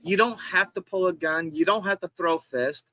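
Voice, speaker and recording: A man in casual conversation, swearing freely and retelling a roadside run-in with animated energy. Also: high voice, normal speed, rough recording. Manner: profane storyteller, animated retelling of a confrontation. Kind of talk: casual chat.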